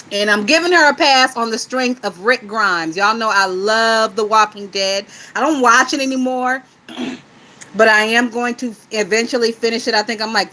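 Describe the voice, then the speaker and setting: Bright-voiced profane woman gossiping about TV. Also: on the high side, poor audio. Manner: profane, blunt and animated, laughs often. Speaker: YouTube gossip host. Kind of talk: casual TV show recap chat.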